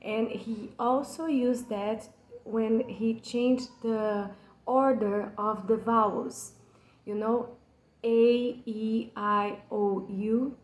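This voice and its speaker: A woman's voice: a little high, fairly even intonation, drawn-out words, reverberant, low-quality recording. A woman from Brazil with a Brazilian Portuguese accent, speaking English as a second language. She explains a poem earnestly, with hesitations and restarts. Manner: hesitant, with many fillers and restarts, passionate. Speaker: channel host explaining a poem. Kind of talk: slow, earnest spoken explanation.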